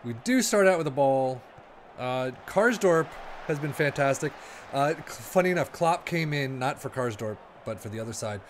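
A young man giving casual, excitable commentary over a football management game, muttering asides and then yelping at near misses. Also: mid-range voice, normal speed, slight background noise. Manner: excitable, swings from mumbling asides to sudden yelps. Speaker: gaming video creator.

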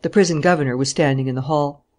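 An audiobook narrator reads in a calm, steady storytelling manner. The voice sits at a middle pitch. The delivery stays even throughout. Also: fast. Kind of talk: scripted narration.

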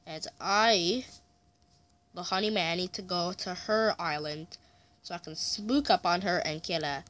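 A man narrating his gameplay in a bright, forceful voice. He chats along, mutters and swears mildly when things go wrong, and taunts opponents with yelled challenges. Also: high voice, measured pace. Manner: mutters frustration, mild swearing. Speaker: gamer. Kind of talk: let's play commentary.

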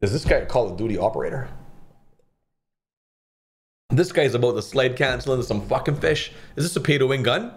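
A man's voice: medium pitch, lively intonation, a little fast, long pauses. A man streaming slot games, who keeps up profane, joking commentary and talks back to the games as he plays. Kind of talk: casual gambling commentary.

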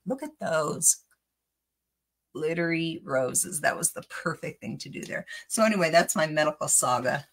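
A middle-aged woman hosts a crafting video, chatting casually as she works and rambling through stories with frequent laughs. She has a low-pitched voice with vocal fry and lively intonation, speaking at a moderate pace.

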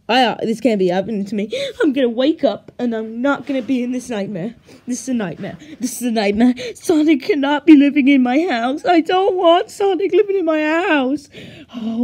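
A woman's voice: on the high side, dark tone, lightly acted. A woman voicing Mario, a fretful male plumber, in a homemade toy skit, talking in a stammering panic.

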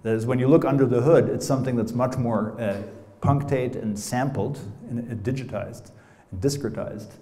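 A man's voice: mid-range voice, normal speed, dark tone. Conversational American man lecturing in a roomy hall. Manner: conversational, many "you know" asides, playful. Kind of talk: academic lecture.

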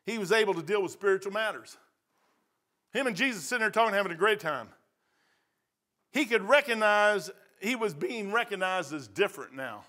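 An older pastor with a Midwestern American accent preaches a sermon. His voice sits high, and he talks in a folksy, emphatic way, repeating phrases to drive a point home. The tone is bright and forceful. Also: lively intonation, brisk.

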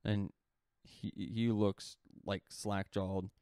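A man's voice: on the low side, little pitch movement, very slow, dark tone, clear, resonant tone, no room sound, studio quality. A man co-hosting a podcast, casually retelling a story in a loose, rambling way full of "like" fillers. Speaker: podcast co-host.

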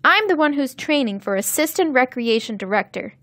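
A sulky, defensive twelve-year-old boy, as a woman narrator puts him on in a storybook reading. He talks a little higher and sharper than the narration, indignant and quick to take offense. The sound is dry and close. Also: lively intonation, a bit bright, no room sound. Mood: irritated.

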